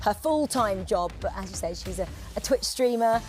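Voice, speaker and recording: A woman's voice: mid-range voice, lively intonation, normal speed, darkish tone. Lady reporter on an esports broadcast, chatty storyteller, bit of music in the back. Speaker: pitside reporter. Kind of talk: live broadcast presenting.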